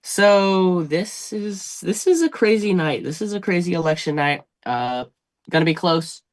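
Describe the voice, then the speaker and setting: A man co-hosting a live stream, reading election numbers in a halting way with many fillers. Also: sits high, expressive. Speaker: co-host reading results. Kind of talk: live results commentary.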